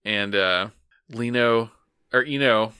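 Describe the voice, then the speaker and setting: A man co-hosting a podcast, reading from his notes in a laid-back, wry way with offhand swearing. His voice sounds bright and clear. The sound is dry and close, with little room around it. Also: medium pitch, slow, no echo. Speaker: podcast co-host. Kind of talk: casual chat recapping an anime episode.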